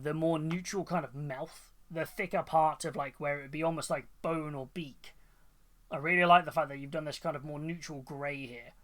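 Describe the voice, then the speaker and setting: A chatty man with a fairly high, slightly bright voice hosts a livestream. He's enthusiastic and rambling, full of fillers and restarts, as he casually reacts to the miniatures his viewers share.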